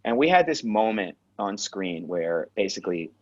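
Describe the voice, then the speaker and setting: Lower-voiced New York man, blunt talker. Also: normal speed. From Queens, New York. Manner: direct, animated storyteller who swears. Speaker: actor, guest. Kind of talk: casual interview chat. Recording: dull lo-fi sound.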